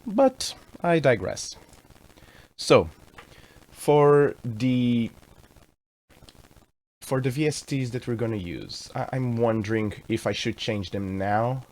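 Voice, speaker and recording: A man's voice: mid-range voice, slow pace, darkish tone. A man composing a song on a livestream, thinking aloud in a rambling way and correcting himself as he explains his steps. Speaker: musician composing a song on stream. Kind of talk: casual thinking-aloud walkthrough.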